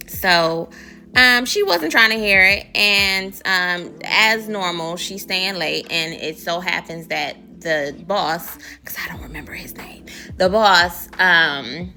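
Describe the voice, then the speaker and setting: A woman gossips her way through a series recap in a loose, slangy chat. Her voice is bright and forward, with a gravelly fry. Faint music plays in the background. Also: fairly low pitch, slow. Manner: chatty, slangy, gossipy retelling. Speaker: TV show recapper. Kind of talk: casual chat.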